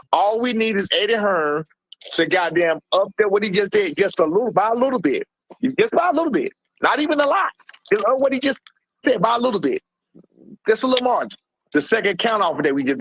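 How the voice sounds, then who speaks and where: A man's voice: high voice, fairly bright tone, no room sound. A middle-aged man, a boxer's father and trainer, talking in a blunt, profane and emphatic way during an interview. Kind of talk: heated interview talk.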